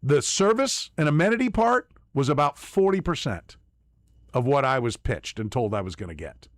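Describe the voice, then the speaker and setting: A man's voice: medium pitch, lively intonation, moderate pace, no echo. A man hosting sports talk radio, giving emphatic opinions and often repeating words as he starts a point. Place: radio studio. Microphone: studio microphone.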